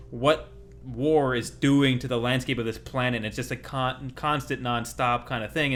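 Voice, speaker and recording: Man, podcast co-host, bright forceful voice, rambling casual gaming talk. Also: mid-range voice. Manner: rambling, many fillers and restarts.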